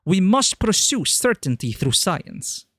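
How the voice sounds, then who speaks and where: A man's voice: sits high, sing-song, slow, fairly bright tone, no echo, studio quality, pitched above the performer's own voice, full character voice. A man voicing a formal official who presents a giant mech program, reading in a put-on generic British accent with stiff, declamatory delivery. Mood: declaring.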